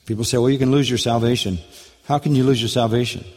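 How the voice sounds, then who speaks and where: A man's voice: medium pitch, steady tone, fast. A male pastor delivering an expository sermon. He preaches emphatically, repeats his key phrases and asks rhetorical questions. His voice carries a long reverb from a large church sanctuary.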